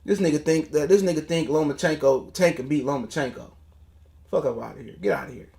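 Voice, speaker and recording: A man's voice: on the high side, brisk, vocal fry, darkish tone. A man hosting a casual boxing livestream, ranting in a heated, profane, mocking way. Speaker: boxing talk show host.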